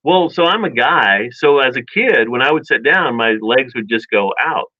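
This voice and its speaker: A man's voice: medium pitch, expressive, normal speed, dry recording, dull audio. A man co-hosting a radio show, telling a long rambling childhood story in casual chat and acting out family quotes. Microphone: studio microphone.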